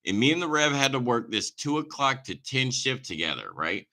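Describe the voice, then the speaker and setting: A man's voice: mid-range voice, normal speed. A man hosting a casual podcast, rambling through stories with swearing and hype-style plugs. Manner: animated, rambling storyteller with profanity and hype ad reads. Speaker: podcast host.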